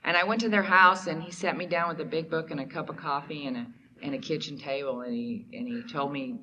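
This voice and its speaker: A woman from Oklahoma speaks at a recovery meeting, telling her own story with raw candor. Her voice is bright and clear, and she often trails off with fillers. A faint hiss sits under the recording. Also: low voice, fairly even intonation, fairly quick, few pauses, muffled recording. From Oklahoma, USA. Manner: candid, emotional storytelling with many fillers. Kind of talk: personal testimony talk. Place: meeting hall at a recovery convention.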